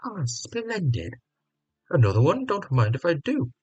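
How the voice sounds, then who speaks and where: A man voicing a posh, tea-loving British gentleman with a put-on upper-class English accent and a prim, drawn-out delivery. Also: on the high side, huge pitch swings, breathy edge, dry recording, highs cut off, soft background music, pitched above the performer's own voice, exaggerated voice.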